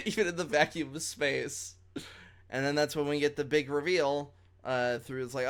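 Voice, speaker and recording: A man's voice: medium pitch, normal speed, fairly bright tone, clear, resonant tone. A man co-hosting a podcast, recapping episodes in loose casual chat, rambling and laughing and acting out lines. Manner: rambling, laughing, acts out quotes. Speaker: podcast co-host.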